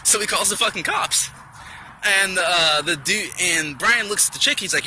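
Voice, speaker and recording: A young man telling a story from work in a rambling, profane, animated way, outdoors at night. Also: high-pitched, brisk, slight background noise. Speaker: vlogger. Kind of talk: casual storytelling.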